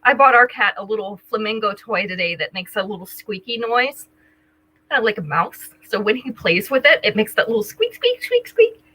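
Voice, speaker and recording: An older woman runs a live jewelry sale, chatting casually with viewers, greeting them by name and describing each piece. Her medium-pitched voice is a little fast, pushed and bright, on a low-quality recording.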